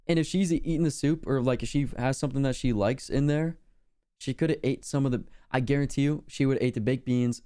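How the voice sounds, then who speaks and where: A man's voice: medium pitch, dark tone, clear, resonant tone. A young man streaming casually, rambling in a laid-back slangy way with lots of fillers. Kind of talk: casual reaction chat.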